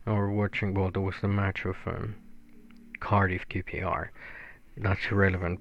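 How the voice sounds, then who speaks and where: A man's voice: deep voice, creaky, muffled recording, a little hiss or hum. A man whose first language is Spanish, telling a casual story full of fillers and swearing. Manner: rambling, profane, lots of fillers.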